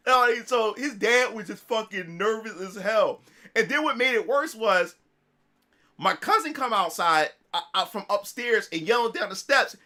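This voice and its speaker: A man telling a story to his livestream audience in a casual, animated way, swearing often and restarting his sentences. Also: high voice, moderate pace. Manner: animated, profane, full of restarts. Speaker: streamer.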